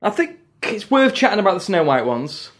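A man co-hosting a casual film podcast, animated and mocking, swearing often. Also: sits high, a little fast. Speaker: podcast co-host. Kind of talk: casual chat.

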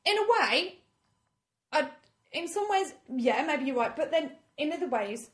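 A woman's voice: sits high, animated, normal speed. A woman co-hosting a casual film review chat, hesitant and losing her words. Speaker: podcast co-host.

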